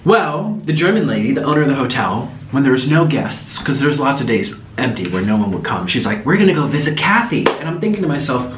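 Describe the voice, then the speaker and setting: A man hosting a mukbang, telling gossipy stories in an animated way. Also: mid-range voice, fairly quick, few pauses. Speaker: host. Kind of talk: casual storytelling during a mukbang. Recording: echoey room with faint noise.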